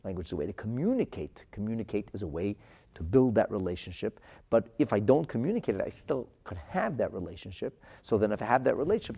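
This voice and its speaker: A man teaching a Chassidic class to viewers, animated, repeating words as he searches for the right phrasing, and dropping into his talk. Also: fairly low pitch, vocal fry, husky. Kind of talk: live-streamed Torah class answering viewer comments.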